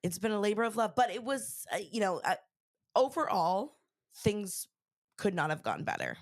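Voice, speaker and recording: A woman's voice: mid-range voice, very animated, normal speed, dry recording, studio quality. A young woman hosting a podcast in casual chat, rambling with many fillers while her voice recovers from being lost. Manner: chatty, rambling, lots of fillers. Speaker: podcast host.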